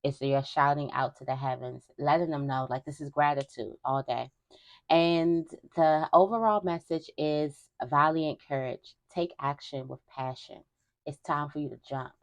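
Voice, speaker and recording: Low-voiced woman giving a spiritual reading. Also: normal speed. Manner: conversational and emphatic, repeats phrases, addresses viewers directly. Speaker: tarot reader.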